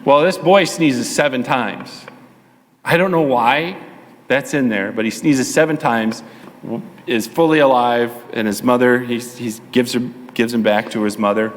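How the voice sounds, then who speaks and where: A male pastor preaching a sermon, telling a Bible story with animated delivery and chatty asides to the congregation. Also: medium pitch, unhurried. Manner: animated storytelling, acts out the voices. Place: church sanctuary. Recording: long reverb of a church hall.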